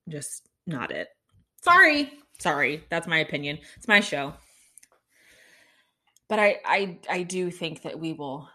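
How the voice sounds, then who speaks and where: Young female podcast host, bright tone, chatty incredulous solo commentary. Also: low-pitched. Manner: incredulous, rambling, many restarts and laughs.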